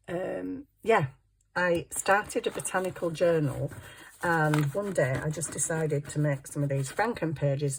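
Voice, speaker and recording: Older female vlogger, low pitch, rambling and giggly while she crafts; light background hiss. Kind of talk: casual chat while crafting.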